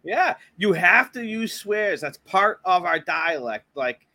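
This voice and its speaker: A man's voice: high voice, very animated, slow, bright, forceful tone, no echo. A young man with a Boston accent, hosting a podcast in casual, swear-filled chat. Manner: swears constantly, laughs often. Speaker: podcast host.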